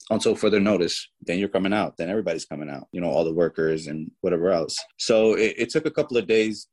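Low-voiced man telling a story. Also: rough recording. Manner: animated storyteller, voices people in his story. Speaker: guest. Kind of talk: storytelling interview.

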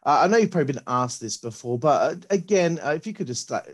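A man hosting an interview, asking questions hesitantly with many pauses and restarts. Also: a little high, lively intonation. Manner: hesitant, full of uhs and restarts. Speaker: interviewer, host. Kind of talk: casual interview.

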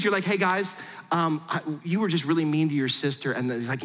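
A middle-aged male pastor preaches in a big church hall, his fairly high voice trailing off into a long reverb. He talks to the congregation in a lively, conversational way, slipping into quoted voices to act out the scenes he describes. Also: quick pace. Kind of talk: sermon.

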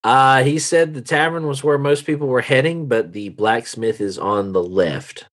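A man's voice: mid-range voice, normal speed, a bit bright. A man narrating a tabletop game as game master, with many ums and hesitations. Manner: hesitant, full of ums and uhs.

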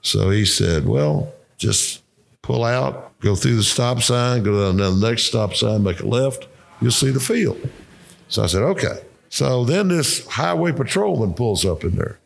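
A retired football coach appears as a guest, an older man with a drawl trading in casual storytelling. His gravelly, ordinary-pitched voice moves at a measured pace with lively intonation as he spins rambling coaching anecdotes, full of swearing and his own laughter.

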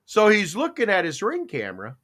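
Animated man telling stories. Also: sits high, a little fast. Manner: animated storyteller, acts out both sides of quoted exchanges. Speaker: panel host. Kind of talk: casual chat retelling stories.

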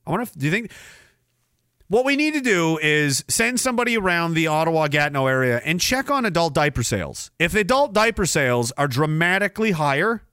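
Animated, profane man hosting a livestream. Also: a little high, fairly quick, smooth, no room sound, clean studio sound. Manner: animated, profane, mocking, breaks into laughs and loud shouted bits. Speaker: podcast host reading chat. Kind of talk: casual profane livestream banter.

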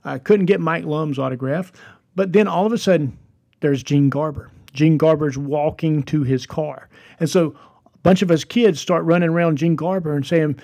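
A man's voice: on the high side, normal speed, creaky, a little mellow. A man, hosting a devotional podcast and telling a story in an earnest, encouraging way. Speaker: podcast host.

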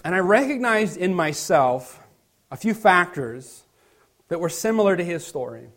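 A man's voice: high voice, very animated, a little slow. Man preaching a conversational sermon. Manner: conversational storytelling, dropping to quiet emphasis. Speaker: pastor.

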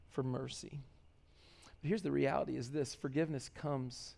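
A man's voice: medium pitch, steady tone, moderate pace, vocal fry, dark tone. A man preaching a sermon in a loose, conversational way, full of fillers and restarts. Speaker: pastor.

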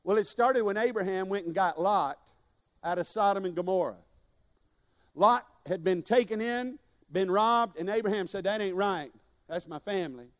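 A guest preacher with a high-sitting, fairly bright voice speaks at normal speed to a congregation in a church sanctuary, leading call-and-response and joking as he exhorts. The recording carries long church-hall reverb.

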